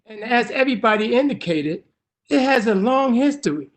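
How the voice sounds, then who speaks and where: A man's voice: extremely high pitch, lively intonation, normal speed. A man in his sixties giving emotional public testimony over a remote call, his voice rising into urgent pleading.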